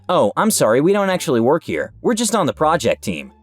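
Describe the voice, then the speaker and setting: A man's voice: fairly high pitch, wildly swooping pitch, brisk, dry recording, soft background music, pitched above the performer's own voice. A man voicing a confused coworker who apologetically explains that they don't work there. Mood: puzzled. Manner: puzzled, apologetic.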